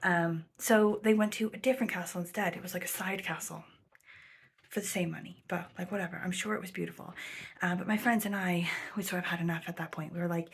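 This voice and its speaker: A woman's voice: lowish voice, fairly even intonation, quick pace, vocal fry, slightly rough. A woman vlogger telling a travel story in casual, rambling chat, full of "like" and "um," sometimes dropping to a near whisper. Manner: rambling, chatty, full of 'like' and 'um', slips into quoted voices; drops to a near whisper at times.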